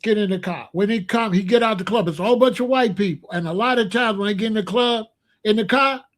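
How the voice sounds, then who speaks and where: Middle-aged guy with a high voice, aave, going on bluntly to his stream chat. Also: fast talker. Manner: blunt, repetitive, asks the chat questions. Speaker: livestream host. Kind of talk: casual livestream monologue.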